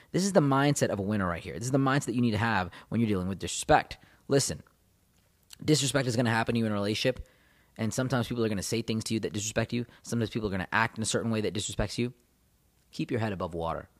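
A man giving motivational relationship advice straight to his viewers, emphatic and repeating his key points. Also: on the low side. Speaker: relationship coach. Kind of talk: motivational advice talk to camera.

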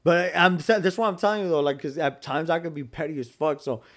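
A man's voice: on the high side, brisk. A man co-hosting a casual podcast, telling a story with lots of swearing, laughter and Spanish slang. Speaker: podcast co-host. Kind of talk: casual chat.

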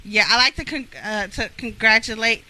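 A woman in her thirties co-hosts a laid-back chat show, speaking. Her voice is very bright and sits a little high. She sounds playful and hyper and laughs often. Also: normal speed. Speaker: co-host. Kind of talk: casual podcast chat.

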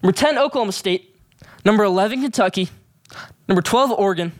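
A man's voice: high-pitched, fast talker, no room sound. A man hosting a sports show, giving emphatic, opinionated picks and hot takes.

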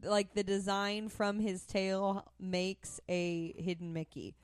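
A woman's voice: mid-range voice, flat delivery, takes it slowly, clear, resonant tone. A woman chatting on a podcast, building her points carefully. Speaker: podcast co-host. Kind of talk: casual chat.

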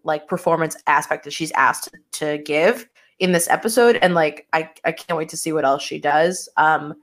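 Animated woman podcast guest. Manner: animated, swooping pitch when quoting. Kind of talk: casual panel chat.

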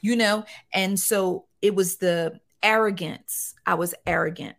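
Expressive woman telling her story candidly. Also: on the low side, a little slow, vocal fry. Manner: expressive, animated, with colloquial phrasing. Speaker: guest.

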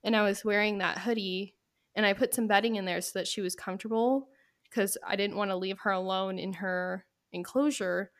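Young woman talking through tears, gravelly. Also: medium pitch, normal speed. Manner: tearful, apologetic, rambling with many fillers. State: tearful. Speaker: podcast host. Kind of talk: casual chat.

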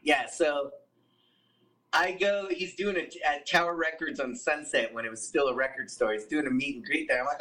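Bright-voiced, profane male storyteller. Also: fairly high pitch, normal speed, far from the mic, low-quality recording. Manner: animated and profane, acts out the voices of others. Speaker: guest. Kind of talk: casual storytelling.

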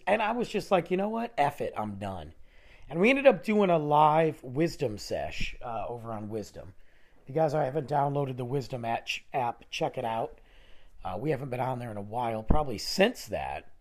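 A man hosting a solo podcast, talking in a rambling, animated way while losing his voice, which sounds nasal. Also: a little high, normal speed. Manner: rambling, animated, restarting sentences. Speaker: podcast host. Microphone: close studio microphone.

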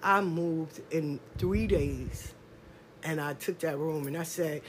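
A woman's voice: sits low, a little hiss or hum. A middle-aged woman, telling her own life story candidly and emphatically, full of slang and swearing. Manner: street slang, drawn-out stresses. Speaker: podcast speaker. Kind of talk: personal testimony monologue.

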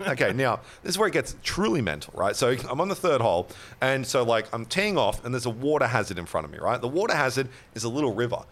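Lively self-mocking man. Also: medium pitch, fast. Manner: rambling, self-mocking, laughs mid-story. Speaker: comedy radio host. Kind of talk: casual comic storytelling.

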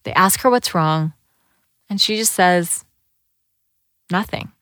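A woman giving scripted documentary narration in a calm, measured storytelling manner. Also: on the low side, dry recording, clean studio sound.

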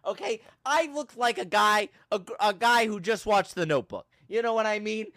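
A young man hosting a podcast, telling a funny story with animated, self-mocking drama and big swings in his voice. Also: high-pitched, normal speed. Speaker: podcast host. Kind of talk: comedic storytelling in casual chat.

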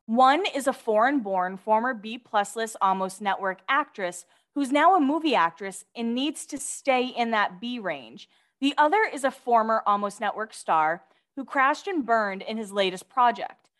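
A woman's voice: a little high, animated, normal speed, fairly bright tone. A woman co-hosting a podcast, chatting casually and reading out celebrity gossip items with gushing asides. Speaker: podcast co-host.

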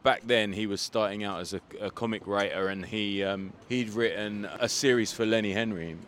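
Low-voiced man telling stories casually. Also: normal speed, a little hiss or hum. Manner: relaxed storytelling, frequent "like" fillers. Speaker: guest, comedian and rapper. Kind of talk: casual interview chat. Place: outdoors on a street.

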